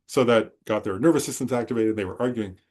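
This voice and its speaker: A man's voice: on the low side, quick pace, darkish tone. A man giving a Buddhist dharma talk, telling a personal story in a loose, rambling way and often checking whether listeners follow. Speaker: Buddhist teacher.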